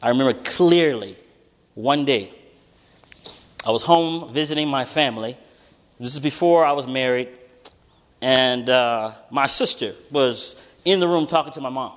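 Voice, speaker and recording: A man preaching a conversational sermon, telling a personal story with animated, emphatic rises. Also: mid-range voice, unhurried, long pauses. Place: church hall with congregation. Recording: reverberant hall.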